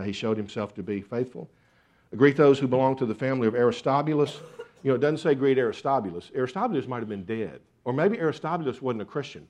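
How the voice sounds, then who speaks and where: A man's voice: medium pitch, darkish tone. A man preaching a sermon, earnest, with repeated rhetorical questions. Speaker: pastor.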